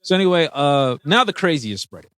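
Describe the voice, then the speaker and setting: A man's voice: fairly high pitch, big pitch swings, quick pace, fairly bright tone, no room sound. A man co-hosting a podcast, recapping a film in loose slang and often asking "know what I mean". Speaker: podcast co-host. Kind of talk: casual film discussion.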